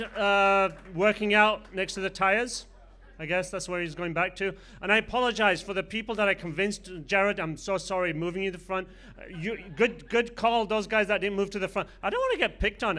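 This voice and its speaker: A man's voice: sits high, normal speed, pushed and bright. A man hosting a comedy show, chatty and apologetic, with many small hesitations as he talks to the crowd. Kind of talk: emcee crowd work.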